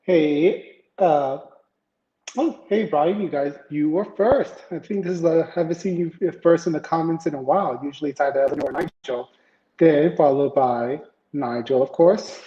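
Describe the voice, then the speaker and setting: A man's voice: fairly high pitch, moderate pace, mellow. Chatty man hosting a tech livestream. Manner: rambling, chatty, greets viewers in chat, many fillers. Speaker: livestream tech show host. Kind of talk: casual live-stream chat and news reading. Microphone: home setup, iPad camera and PC. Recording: echoey room, dull lo-fi sound.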